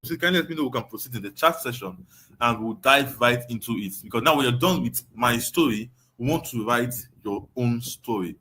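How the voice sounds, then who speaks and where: A man's voice: mid-range voice, lively intonation, fairly quick, pushed and bright, husky. A young adult Nigerian man teaching an online webinar, emphatic, repeating his points and often asking "you understand?". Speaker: online course tutor.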